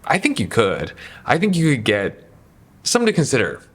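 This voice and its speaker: A man's voice: mid-range voice, wildly swooping pitch, fairly quick, a bit bright, slightly rough. A young adult man giving a casual, rambling basketball opinion monologue for his channel, with self-deprecating asides. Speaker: sports commentary YouTuber.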